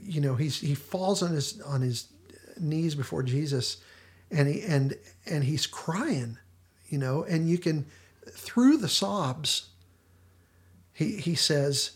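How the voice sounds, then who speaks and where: Man, podcast host, gravelly voice, casual chat, retells scenes, frequent restarts. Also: fairly high pitch, measured pace. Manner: animated retelling with many restarts and fillers. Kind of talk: casual discussion of a TV episode.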